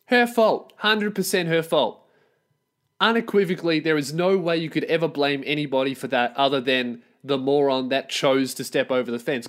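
A man's voice: a little high, a bit bright. A man, hosting a solo podcast and ranting in a profane, exasperated, sarcastic way. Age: 20s. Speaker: podcast host.

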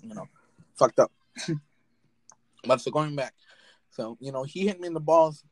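A man's voice: on the high side, measured pace, no room sound, poor audio. A young man hosting a casual podcast chat, telling stories with lots of swearing and laughter. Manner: storytelling, swears freely, laughs often. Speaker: podcast host.

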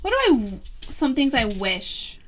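A woman's voice: on the high side, unhurried, a little hiss or hum. Young woman telling stories animatedly. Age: young adult. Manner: animated storytelling, swearing, many fillers. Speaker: podcast co-host. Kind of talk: casual chat.

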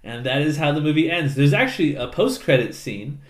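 A man co-hosting a casual podcast, recapping a film with lots of laughter and quick impressions of the characters. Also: on the high side, expressive, echoey room. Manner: laughing, acts out lines in silly voices. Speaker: podcast co-host. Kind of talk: casual movie recap chat.

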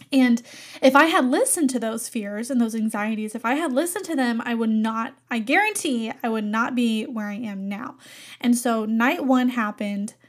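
A young woman, an art teacher, telling a personal story in an expressive, animated way and laughing often. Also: fairly high pitch.

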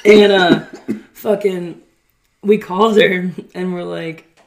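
A young woman co-hosting a podcast, telling a story in a casual, animated and profane way while acting out what people said. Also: lowish voice. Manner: animated, profane, acts out quotes. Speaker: podcast co-host.

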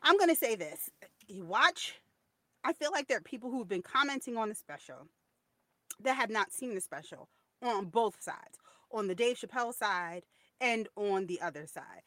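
Bright-voiced woman chatting casually. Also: mid-range voice, expressive, moderate pace, no echo. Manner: chatty, opinionated, storytelling. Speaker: podcast co-host. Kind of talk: casual chat.

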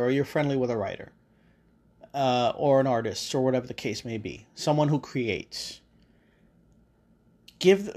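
A man's voice: mid-range voice, darkish tone. A man hosting a podcast, talking in a casual rambling monologue with lots of fillers, restarts and swearing. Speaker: podcast host.

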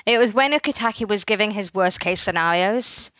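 A woman in mid-range pitch chatting on a podcast, recorded dry and close. She talks in an animated way and often stops to restart a sentence. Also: normal speed, no echo. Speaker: podcast co-host. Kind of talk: casual chat.

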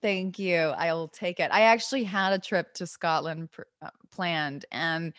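A woman's voice: on the low side, normal speed, fairly bright tone, dry recording. Giggly American woman, dry mic. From United States. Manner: giggly, self-mocking, rambling. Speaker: podcast guest. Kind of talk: casual podcast chat.

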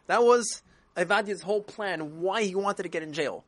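A storyteller retelling a children's story in a lively, animated way, with frequent restarts. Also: medium pitch, normal speed.

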